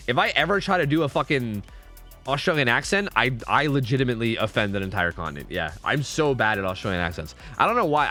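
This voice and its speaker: A man's voice: mid-range voice, sharp tone. A young man streaming a game, talking casually and rambling with his viewers, swearing freely.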